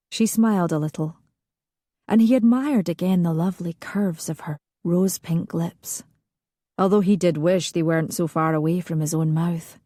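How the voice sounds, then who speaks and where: A woman narrates a historical romance in a slow, hushed, sensual reading. Her voice sits low, husky and mellow. It is recorded dry and close with no room sound. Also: no room sound. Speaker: audiobook narrator.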